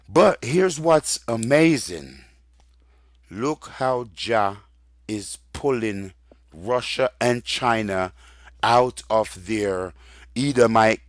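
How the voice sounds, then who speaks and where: A man giving an informal religious lecture, rambling through lists with many fillers and turning loud and excited at times. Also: medium pitch, dry recording, clean studio sound. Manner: grows loud and excited, laughs. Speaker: religious teacher.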